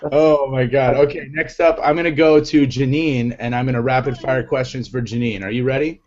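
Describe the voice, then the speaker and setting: A man's voice: medium pitch, fairly even intonation, a little fast, a little mellow. A man hosting a casual online show, teasing his guests in a joking way. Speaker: host. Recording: dull lo-fi audio, faint noise.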